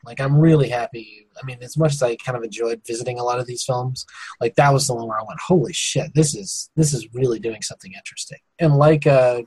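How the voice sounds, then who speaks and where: A man joins a casual film podcast and talks with real enthusiasm about his favorite discoveries. His voice has a husky edge, and he often restarts mid-sentence as his thoughts race ahead. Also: medium pitch, darkish tone, no echo, low-quality recording. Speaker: podcast guest co-host.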